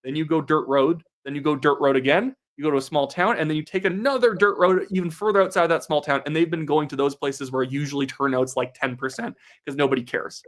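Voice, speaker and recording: Young canadian guy doing live commentary, bit of a high voice, chatty, reads chat comments. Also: steady tone, a little fast, hardly any pauses. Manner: reads viewer comments aloud, chatty and upbeat. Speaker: livestream host.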